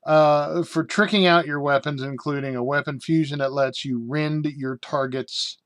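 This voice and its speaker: A man's voice: on the high side, steady tone, moderate pace, fairly bright tone, no room sound. A middle-aged American man casually reviewing a tabletop game book, rambling with many fillers and joking asides. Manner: rambling, with frequent fillers and self-amused asides.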